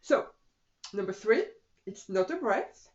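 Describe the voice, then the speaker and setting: A woman's voice: medium pitch, big pitch swings, takes it slowly, darkish tone. Middle-aged woman, yoga teacher, casual chatty delivery to camera; muffled lo-fi recording. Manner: chatty, says "you know" a lot.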